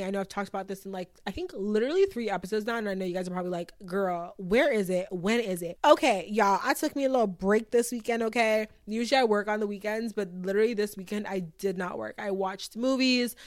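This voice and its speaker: A woman hosting a solo podcast, talking in a chatty, upbeat way full of "like" and "okay". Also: mid-range voice. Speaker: podcast host. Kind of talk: casual solo podcast talk.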